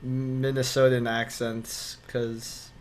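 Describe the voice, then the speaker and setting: A man's voice: medium pitch, flat delivery, takes it slowly, slight background noise. A young man in a casual podcast chat, making offhand wisecracks.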